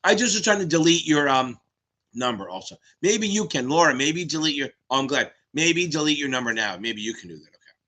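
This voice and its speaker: Fast-talking, profane male tutor. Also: a little high, lively intonation, pushed and bright. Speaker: exam tutor, stream host. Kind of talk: live stream Q&A chat.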